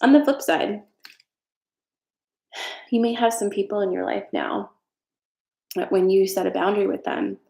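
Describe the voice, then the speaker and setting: A woman's voice: medium pitch, steady tone, brisk, vocal fry, dark tone. A woman hosting a casual live talk, speaking frankly and chattily, swearing freely and reading out viewer comments. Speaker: host. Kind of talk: casual live talk about self-care. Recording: roomy echo.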